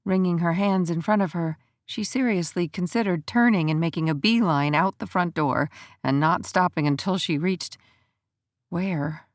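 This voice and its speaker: A woman narrating a romance audiobook in an even, measured storytelling manner. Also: lowish voice, dry recording, clean studio sound.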